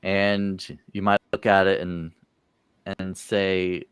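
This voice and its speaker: Low, smooth-voiced man rambling slowly. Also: flat delivery, fairly bright tone, no room sound. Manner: rambling, self-interrupting, chuckling. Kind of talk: casual chat.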